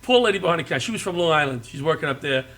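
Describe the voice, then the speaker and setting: A middle-aged man from the New York area telling comic family stories, animated and often laughing and yelling. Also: fairly high pitch, racing. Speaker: guest comedian. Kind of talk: comic storytelling.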